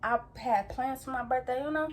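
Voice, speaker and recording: A woman's voice: sits high, fairly quick. A young woman in her late teens tells a story in a casual, rambling way, full of slang and repeated fillers like "like" and "you feel me". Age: young adult. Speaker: vlogger.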